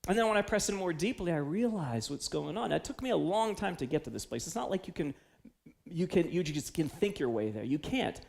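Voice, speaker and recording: A man's voice: fairly high pitch, expressive, a little fast, vocal fry, darkish tone. A man preaching a conversational sermon, confessional and storytelling, acting out his own inner voice. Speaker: pastor. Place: church sanctuary.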